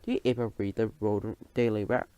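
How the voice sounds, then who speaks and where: A man reading an audiobook, voicing the narrator's grown sister, a brisk, teasing and bossy female mouse. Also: fairly low pitch, fairly even intonation, mellow, clean tone, lightly acted. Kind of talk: audiobook character voice.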